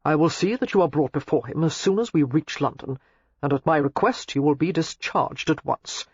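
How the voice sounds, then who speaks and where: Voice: mid-range voice, normal speed, breathy edge, no echo, highs cut off, natural voice. A narrator voicing an arrogant, commanding English earl in an audiobook, speaking curtly and with authority. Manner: curt and authoritative. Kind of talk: audiobook character reading.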